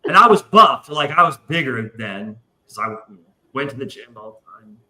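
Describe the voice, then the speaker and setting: A man's voice: medium pitch, sing-song, normal speed, pushed and bright, echoey room. A man hosting a casual livestream chat, telling long rambling profane stories. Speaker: podcast host.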